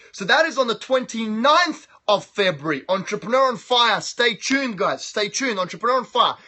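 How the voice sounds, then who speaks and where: An Australian man talking on a phone live stream in a loud, boastful, profane, hyped-up way. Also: extremely high pitch.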